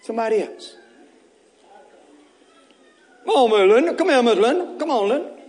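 High-voiced preaching man. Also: lively intonation, moderate pace, a little mellow. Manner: repetitive, exhorting preaching with bursts of raised intensity; casual, joking asides to the congregation. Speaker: pastor. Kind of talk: Easter sermon.

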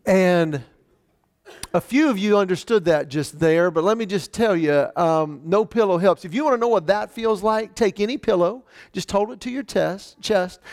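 A man's voice: sits high, a little mellow. A man preaching a sermon, telling a personal story earnestly with wry humor and often stumbling and restarting his words. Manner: frequent stammered restarts. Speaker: pastor.

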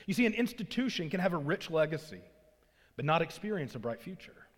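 A man's voice: a little high, sing-song, brisk, in a large hall. A man from Arkansas, preaching a sermon as a pastor in a church, with earnest emphasis that rises on key lines. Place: church sanctuary.

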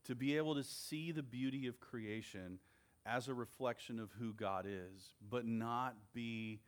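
Male pastor, slow and measured sermon delivery, earnest. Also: on the low side.

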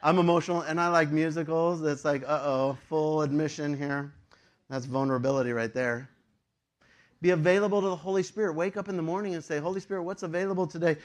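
A man preaching a sermon to his congregation in a conversational, animated way, with frequent fillers. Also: on the high side, a little fast. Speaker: pastor.

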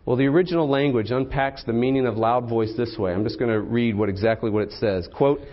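Male pastor, mid-pitched, chatty sermon delivery full of rhetorical questions, on a slightly dull recording. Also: fairly quick.

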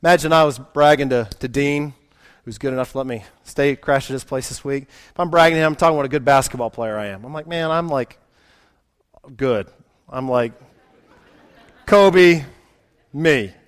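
A man's voice: mid-range voice, fast, clear, resonant tone, a faint crowd. A man preaching a sermon in a conversational way, asking his listeners questions and acting out the voices he quotes.

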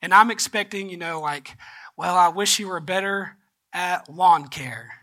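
High, bright-voiced man preaching a sermon. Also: a little slow. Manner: personal storytelling, often drops to a soft, choked-up voice. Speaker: pastor.

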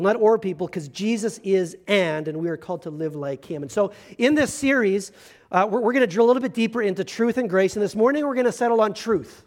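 Man, pastor, sermon, high-pitched, casual and funny, emphatic pauses. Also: a little mellow. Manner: conversational, self-deprecating humor, emphatic slow stresses.

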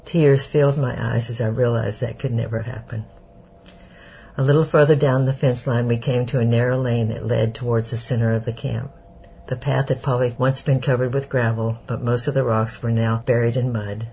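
A man narrating an audiobook in a steady, measured way. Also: medium pitch, gravelly, a little hiss or hum, rough recording.

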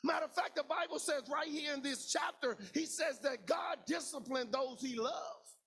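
A man preaching a sermon as pastor, in a shouted, sing-song cadence with lots of repetition. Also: very high-pitched, normal speed, faint music behind.

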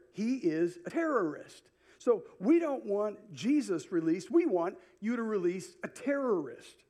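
A man's voice: sits high, a little mellow. A male pastor preaching an expository sermon, paraphrasing the people in the passage as he goes. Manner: unhurried expository preaching, paraphrasing Bible characters.

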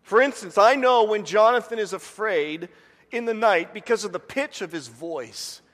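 A man's voice: sits high, moderate pace, a bit bright. A man in his forties, a pastor, giving a sermon and telling stories from home, acting out his family's voices. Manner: storytelling, imitates family voices. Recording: long hall reverb.

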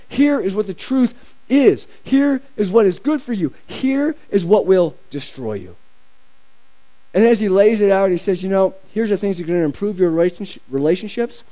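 Male pastor, sermon delivery, high mellow voice, emphatic repetition. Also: poor audio. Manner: emphatic, repeats phrases for stress.

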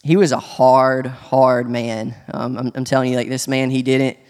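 A man sharing a personal testimony in church, speaking earnestly and haltingly, with many restarts. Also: mid-range voice, little pitch movement, a little mellow, clear, resonant tone. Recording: long hall reverb.

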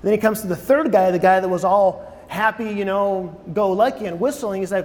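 Guy preaching a chatty sermon, fairly high voice, long echo like a big church hall. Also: normal speed, few pauses, darkish tone. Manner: conversational, repeats phrases, asks the audience questions.

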